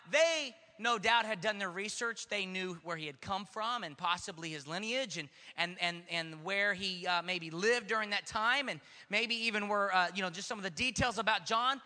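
Bright-voiced, high male preacher, echoing hall. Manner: emphatic call-and-response preaching, with repeated words. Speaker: pastor. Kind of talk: sermon. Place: church sanctuary.

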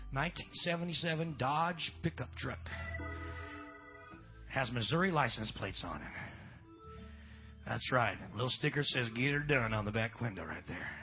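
A middle-aged male pastor with a high voice delivers a revival sermon. He swings from shouted preaching to easy, chatty storytelling. The recording sounds dull and lo-fi, with faint music underneath. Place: church revival service.

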